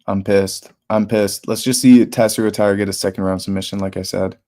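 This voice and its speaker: A man's voice: fairly low pitch, little pitch movement, fairly quick, mellow. A young man hosting a live fight watch party, talking casually and bluntly with slang and swearing. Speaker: livestream host.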